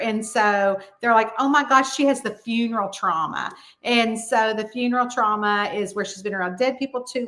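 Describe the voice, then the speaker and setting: A woman's voice: mid-range voice, pushed and bright. A middle-aged woman, a mystery author chatting casually with readers and telling stories full of fillers. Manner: chatty storytelling with many fillers. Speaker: mystery author hosting a live chat. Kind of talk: casual chat.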